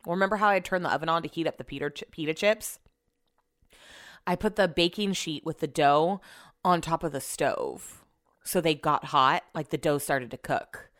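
A young woman hosting a podcast from home, telling a long story in a rambling, casual way and clearing her throat often. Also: sits low, normal speed, fairly bright tone. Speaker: podcast host. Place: home with renovation noise nearby.

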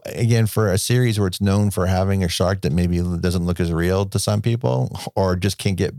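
Low-voiced excited movie-talk man. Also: no room sound, clean studio sound. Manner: enthusiastic, swearing, rambling restarts. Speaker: podcast co-host. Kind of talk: casual movie discussion.

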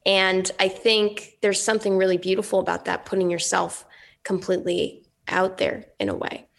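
Actress, female, gravelly vocal fry, thoughtful and earnest delivery. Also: medium pitch, fairly bright tone. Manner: sincere, reflective. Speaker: actress guest. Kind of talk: interview.

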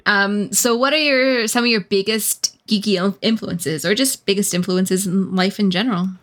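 A woman from Canada hosting a casual interview, playful and quick to laugh. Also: medium pitch. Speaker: interview host.

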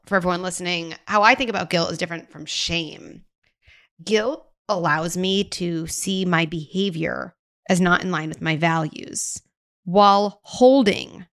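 A woman hosting a podcast who speaks thoughtfully and explains ideas clearly. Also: fairly low pitch, fairly bright tone, dry recording, clean studio sound. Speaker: podcast host. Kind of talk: conversational interview.

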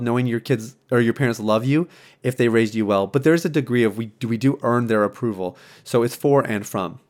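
A married man hosting a podcast, talking earnestly in a casual, reflective monologue, often restarting his sentences and filling pauses with ums. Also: medium pitch. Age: adult, married. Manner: earnest, conversational, many restarts and fillers. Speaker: podcast host.

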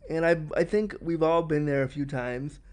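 A man's voice: fairly high pitch, a little mellow, smooth. Frank, chatty male podcast host. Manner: frank and chatty, says he talks fast. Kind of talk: candid film commentary.

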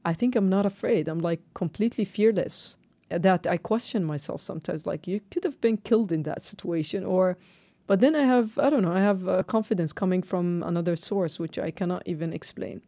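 A woman's voice: fairly low pitch, fairly quick, gravelly, no echo. A woman from Jordan in her thirties, telling personal stories in an interview and acting out the dialogue in them. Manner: animated, acts out dialogue, frequent laughs. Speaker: martial arts studio founder.

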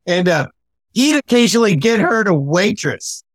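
A comedian in casual conversation, reminiscing about the old days and wondering aloud. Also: male voice, high voice, sing-song, normal speed, no room sound. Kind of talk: casual chat.

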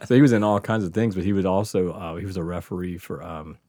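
A man's voice: low-pitched, quick pace, dark tone, dry recording, studio quality. A man telling a profane, laughing story in casual chat. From Southern United States.

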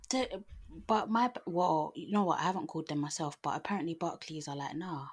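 A young woman speaks in a low, husky voice. She is easygoing and laughs often. She explains things in a plain, chatty way. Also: brisk. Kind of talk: casual chat.

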